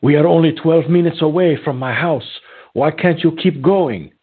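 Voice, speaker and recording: A pushy, scornful woman passenger, as a man puts her on, talks in a shrill, indignant voice with a put-on foreign accent. Her demands come out pitched well above the performer's natural voice. The sound is thin and tinny, like it's coming through a phone line. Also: moderate pace, slightly rough. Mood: demanding.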